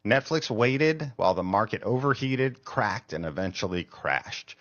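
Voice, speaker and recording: A very low-voiced man reads measured, scripted narration for a video essay. The clip sounds muffled and lo-fi, with no room echo at all. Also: expressive, fairly bright tone. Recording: dull, dry clip audio.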